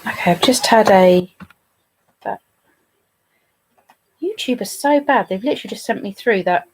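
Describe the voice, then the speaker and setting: A woman's voice: medium pitch, expressive, normal speed, darkish tone, breathy edge. A British woman hosting a casual live stream, chatting playfully with her viewers. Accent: British English. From England.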